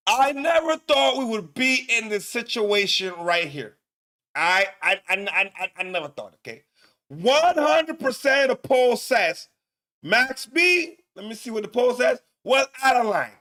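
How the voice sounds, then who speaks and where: A man hosting a casual news commentary show, loud and profane, laughing often and repeating himself. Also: very high voice, sing-song, measured pace. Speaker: show host.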